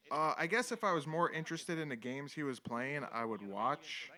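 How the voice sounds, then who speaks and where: Guy hosting a live stream, rambly and irreverent, kinda high voice that jumps all over. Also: bright, forceful tone. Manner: irreverent, rambling, chuckles often. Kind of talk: casual live-stream commentary reading chat.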